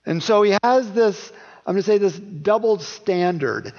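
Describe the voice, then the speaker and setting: A male pastor with a voice sitting a little high for a man, preaching in a relaxed, conversational way. He often turns to his listeners with questions. The recording sounds dull and lo-fi. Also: unhurried, big-room sound. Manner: conversational, asks the congregation questions. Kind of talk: sermon.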